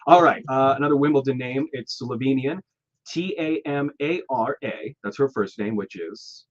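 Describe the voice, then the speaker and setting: A man's voice: medium pitch, moderate pace. A man hosting a casual radio segment, upbeat, spelling words out letter by letter. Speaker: radio show host. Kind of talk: casual on-air chat. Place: radio studio. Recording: slightly muffled studio audio.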